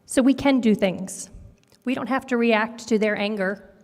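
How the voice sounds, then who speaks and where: A woman reading a picture book aloud to children at a worship service in an expressive, storytelling manner. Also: fairly high pitch, measured pace. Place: congregation sanctuary. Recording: long hall reverb.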